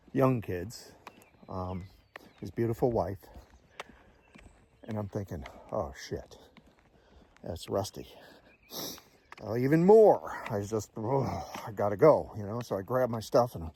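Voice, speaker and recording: A man's voice: lowish voice, mellow, slight background noise. A man in his sixties, a Navy veteran telling a casual war story in a blunt, salty way and swearing freely.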